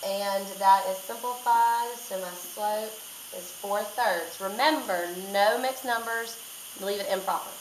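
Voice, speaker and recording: A woman's voice: medium pitch, unhurried. A woman teacher talking through a recorded math lesson step by step, repeating key points. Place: classroom. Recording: echoey room, faint noise.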